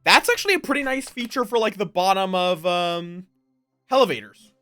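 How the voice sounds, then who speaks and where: Lively, bright-voiced game streamer. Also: medium pitch, normal speed, no echo, studio quality, soft background music. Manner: rambling, casual, swears freely; drifts into a mock accent. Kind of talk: live gameplay commentary.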